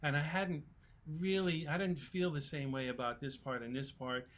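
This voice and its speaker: A man's voice: fairly high pitch, normal speed. Folksy man in his sixties telling stories. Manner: relaxed, folksy storyteller. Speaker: songwriter on a festival panel. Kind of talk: casual panel talk, anecdotal storytelling.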